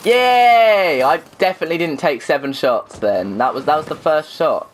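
A man giving rambling, crude, excitable commentary while playing an online shooter, often shouting at the game. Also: medium pitch, a little fast, slight background noise. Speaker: gaming YouTuber. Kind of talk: live gameplay commentary.

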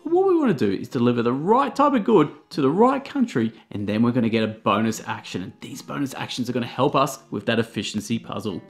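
Jokey man with a lively voice. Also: mid-range voice, fast talker, few pauses, soft background music. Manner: jokey, animated, slangy asides. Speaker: board game reviewer. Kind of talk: comedic board game review.

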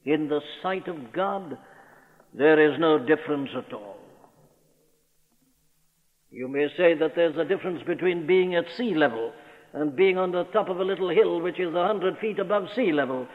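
A man's voice: a little high, normal speed. A man preaching a sermon, earnest and emphatic, posing rhetorical questions, from an old radio broadcast recorded in a church. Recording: old radio broadcast recording in a large hall, thin and phone-like.

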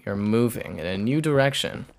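A man's voice: lowish voice, lively intonation, a little fast, slight background noise. A young man streaming a game, muttering a loose running commentary to himself as he plays. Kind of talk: live gameplay commentary.

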